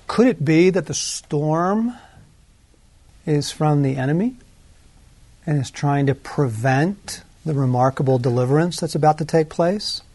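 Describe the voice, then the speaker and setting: Male pastor, slightly high voice, chatty sermon delivery with lots of asides, dry close mic. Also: darkish tone, no echo. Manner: conversational, lots of asides and tag questions; shifts between slow emphasis and quick runs.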